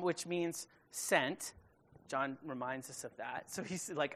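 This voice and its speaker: A woman with a fairly low voice delivers a sermon. She tells the story casually and conversationally, with quick asides to the congregation. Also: very animated, a bit bright. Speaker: preacher.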